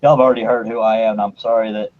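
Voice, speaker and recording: A low-voiced man hosts a casual live stream over a video call, joking and chuckling between introductions. The audio is dull and lo-fi, like a compressed online call. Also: flat delivery, rapid-fire, a little hiss or hum. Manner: joking, laughing, chatty, uses "y'all". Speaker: host.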